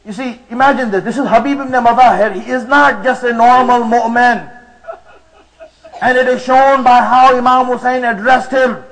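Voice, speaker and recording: A man's voice: extremely high pitch, steady tone, moderate pace, a bit bright, rough recording. A man preaching to a congregation, retelling a story with emotion and drama. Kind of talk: sermon storytelling.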